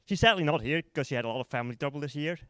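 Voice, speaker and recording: A man's voice: fairly high pitch, animated, rapid-fire, a bit bright, clean tone, no room sound. Heartfelt man giving thanks, dry sound. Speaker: event participant.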